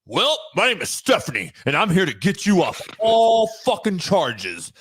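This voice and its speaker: Man putting on a brash, shouting public defender woman. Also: high-pitched, huge pitch swings, normal speed, slight background noise, voice pushed down, heavily acted. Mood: pumped up. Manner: loud, shouting, cartoonishly gung-ho. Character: brash mannish female public defender, pushy.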